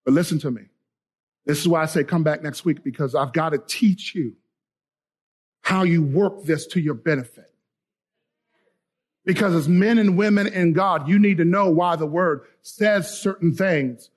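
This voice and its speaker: A male pastor preaching a sermon in church, fiery and call-and-response, swinging from shouts down to a quiet prayer. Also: a little high, normal speed. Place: church sanctuary with a congregation.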